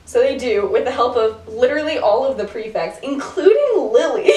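A woman's voice: a little high, sing-song, normal speed, hardly any pauses, darkish tone. A woman casually retelling a story with lots of fillers and laughs. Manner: rambling, many "like" fillers, frequent laughter. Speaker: podcast co-host retelling a story. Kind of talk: casual chat. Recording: echoey room, distant mic.

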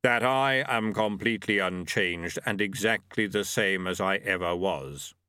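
A man voicing Death, a grave male personification of death who speaks slowly and solemnly. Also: deep voice, sharp tone, smooth, no echo, studio quality. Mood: wry.

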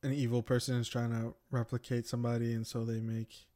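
A young man in a loose, rambling podcast chat. He jokes around, circles back on himself and fills his sentences with "like" and "you know". His voice sits at an ordinary middle pitch for a man. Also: monotone, brisk, warm tone. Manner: joking, rambling, many fillers. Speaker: podcast co-host.

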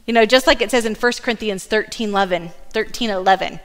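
A woman in her thirties giving a sermon in a church, telling family stories with lively asides. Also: fairly high pitch, brisk, hardly any pauses, in a large hall. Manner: warm storytelling with asides and laughs. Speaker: church speaker. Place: church sanctuary.

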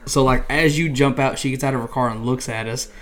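A young man co-hosting a casual podcast chat, earnest in tone and quick to laugh. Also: mid-range voice, fairly even intonation, a bit bright. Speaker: podcast co-host.

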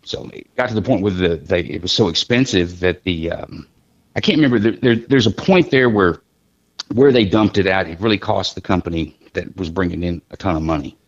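Husky low-voiced man telling stories. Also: fairly quick, highs cut off. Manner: rambling, joking storyteller with many restarts. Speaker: podcast guest. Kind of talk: casual chat.

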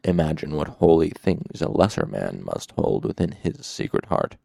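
A man's voice: a bass voice, very animated, normal speed, gravelly, dark tone, no echo, clean studio sound, voice pushed down, exaggerated voice. A man voicing Lanre, a grief-stricken and weary fallen hero, speaking heavily with despair in an audiobook reading. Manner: heavy and despairing.

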